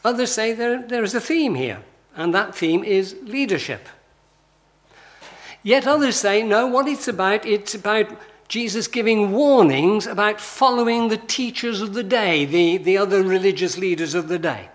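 A man's voice: sits high, moderate pace. A man preaching a sermon in a conversational style, full of rhetorical questions and emphatic lists.

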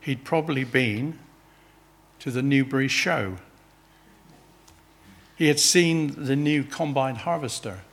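A man's voice: mid-range voice, slow pace, pauses often, fairly bright tone, breathy edge. A man preaching a sermon, earnestly pressing his listeners with urgent questions.

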